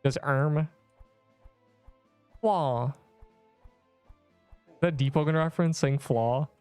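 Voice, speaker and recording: A man's voice: a little high, drawn-out words, darkish tone, smooth, no room sound, faint music behind. A man in his twenties livestreaming a game, chatting casually and rambling as he reads chat messages aloud.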